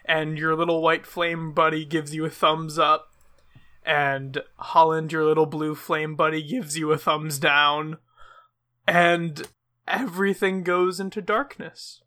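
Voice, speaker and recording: A man running a tabletop game, describing the scene in a measured way. His voice is bright and somewhat high. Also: flat delivery. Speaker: game master.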